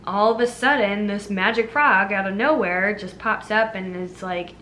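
A woman's voice: medium pitch, moderate pace, sharp tone, a little hiss or hum. A young adult woman retelling a fairy tale for a movie review vlog, chatty and full of fillers. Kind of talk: casual storytelling review.

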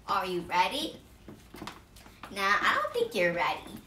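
Woman vlogger, earnest and simple, bright voice, faint room noise behind. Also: medium pitch, huge pitch swings, measured pace, recorded from a distance. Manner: simple, earnest explaining with restarts. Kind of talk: casual explainer vlog. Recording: echoey room, voice off the mic.

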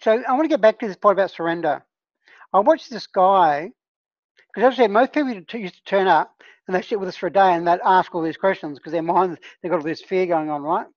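Fairly low-pitched and fairly quick, a woman's voice comes with no room sound over a dull lo-fi call line. A plant medicine facilitator, she gives her discussion group an earnest, conversational teaching talk, casual in tone, and often checks in by asking "right?"

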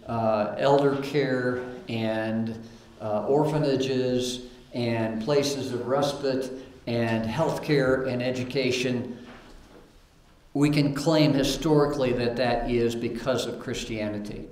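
A man's voice: mid-range voice, fairly even intonation, takes it slowly, a little mellow. A man preaching a sermon, reading scripture aloud between plain remarks, with fillers and repeated starts. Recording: roomy echo.

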